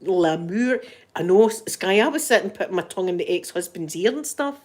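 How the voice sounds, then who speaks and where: A woman's voice: mid-range voice, lively intonation, quick pace, darkish tone. A middle-aged woman with a Scottish accent, chatting casually with viewers and telling a story, often laughing as she talks. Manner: chatty, laughing storyteller, talking to live chat. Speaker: ASMR streamer chatting with viewers. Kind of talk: casual chat.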